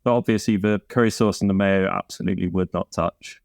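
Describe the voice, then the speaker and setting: A man's voice: deep voice, fairly even intonation, brisk, creaky, dry recording. A man as a podcast guest in casual chat, laid-back and matter-of-fact with dry humour. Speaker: podcast guest, band member.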